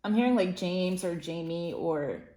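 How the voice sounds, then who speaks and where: A woman's voice: fairly low pitch, measured pace, dark tone. A woman giving a casual spiritual tarot reading, rambling and effusive, with lots of fillers. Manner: meandering, filler-heavy, effusive. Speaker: tarot reader. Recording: roomy echo.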